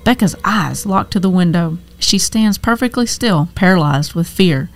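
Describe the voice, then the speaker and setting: A woman reading a horror story aloud as scripted narration, measured and tense. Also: on the low side, animated.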